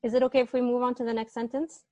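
A young woman works through a grammar lesson over a computer mic. Her voice sits a little high and sounds dry and close. She hesitates, restarts and apologizes as she explains. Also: flat delivery, rapid-fire, mellow, dry recording, muffled recording. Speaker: teaching assistant. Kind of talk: online grammar tutorial.

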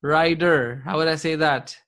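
A man's voice: on the high side, steady tone, measured pace, fairly bright tone, soft background music. A man teaching an Arabic grammar class live online, patient and encouraging, often chuckling.

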